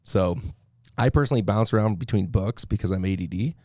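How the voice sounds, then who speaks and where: A man's voice: on the low side, brisk, a little mellow, dry recording, clean studio sound. A man from Idaho hosting a podcast, talking in a rambling, conversational way with plenty of fillers. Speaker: podcast host. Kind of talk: casual interview chat.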